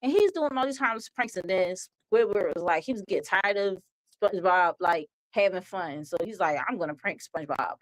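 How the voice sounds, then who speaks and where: A woman's voice: medium pitch, normal speed, rough recording. Rambling casual woman talk show host. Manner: rambling and conversational, full of "like" and "you know".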